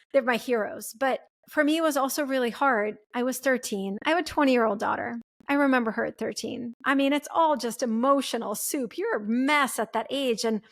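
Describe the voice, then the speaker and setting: A woman in her forties, raised in the former Soviet Union, hosting a podcast and telling a personal story in an earnest, reflective way. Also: a little high. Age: 40s. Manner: earnest and reflective, with frequent "right?" and "like". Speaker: podcast host.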